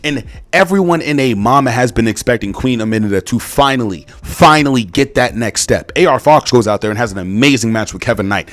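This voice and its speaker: A hoarse man hosting a casual wrestling commentary, rambling with lots of fillers and restarts. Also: mid-range voice, expressive, a little fast, few pauses, fairly bright tone.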